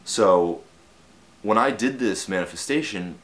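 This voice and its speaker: A young man with a very deep voice tells a story in a loose, meandering way. He leans on fillers and tag questions and drops a casual swear now and then. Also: lively intonation, unhurried. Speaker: vlogger.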